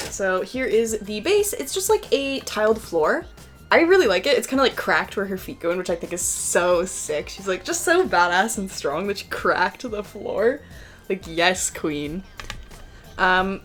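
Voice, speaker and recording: A young woman chatting excitedly at home as she unboxes collectible figures, with lots of "like" in her talk. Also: mid-range voice. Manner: excitable and chatty, heavy use of "like". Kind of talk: casual unboxing chat. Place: home room with a PC.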